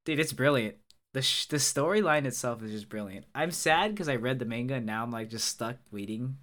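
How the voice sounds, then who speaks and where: A man at a mid pitch co-hosting a loose podcast conversation. He rambles, hunts for names and fills his speech with "like" and "dude", with a light, easygoing delivery. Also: animated, a little fast, a bit bright. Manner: rambling, searches for words, says "like" and "dude". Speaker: podcast co-host. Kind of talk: casual chat.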